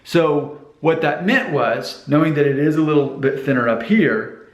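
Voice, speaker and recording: A man's voice: fairly high pitch, moderate pace, echoey room. An American man talking casually to camera in a rambling, self-promoting vlog about hair. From United States. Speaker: vlogger giving hair advice.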